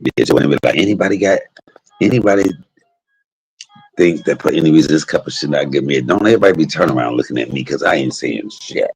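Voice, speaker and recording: A man's voice: rumbling low, expressive, fast, darkish tone, no room sound, poor audio. A man hosting a casual livestream, chatting with viewers in a brash, joking way and cursing freely. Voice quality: gravelly and husky. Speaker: livestream host.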